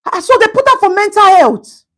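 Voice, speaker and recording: A woman talks through a live stream in a high voice. Her pitch swings widely as she comments, and she breaks off to greet viewers by name. She slips into Pidgin asides. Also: expressive, normal speed, a bit bright.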